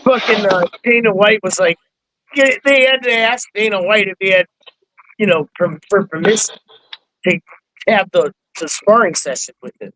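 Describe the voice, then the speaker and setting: Excited male panel guest, dry close sound, keeps swearing. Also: high voice, moderate pace, no room sound, poor audio. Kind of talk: casual profane chat. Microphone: streaming call.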